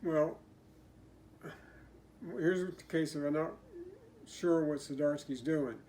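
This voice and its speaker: An older man co-hosting a podcast, giving measured, opinionated takes on comic books. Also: on the high side, steady tone, warm tone, a little hiss or hum. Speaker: podcast co-host. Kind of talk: casual comic book review chat.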